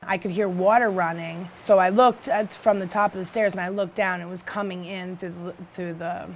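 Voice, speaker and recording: A woman recounting her flood escape in a documentary interview, halting and shaken. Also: on the low side, fairly even intonation. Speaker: flood survivor.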